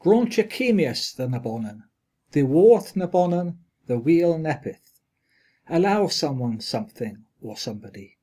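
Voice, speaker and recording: A man reading a linguistics lecture aloud, with a deliberate, measured delivery of quoted examples and their glosses. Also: on the high side, warm tone.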